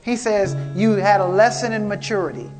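A man's voice: high-pitched, moderate pace, darkish tone. A man preaching a prophetic sermon, fervent and repetitive, calling out to the congregation. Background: guitar music.

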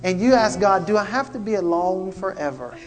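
A man's voice: sits high, lively intonation, a little fast. A man preaching a prophetic sermon, fervent and repetitive, calling out to the congregation. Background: guitar music.

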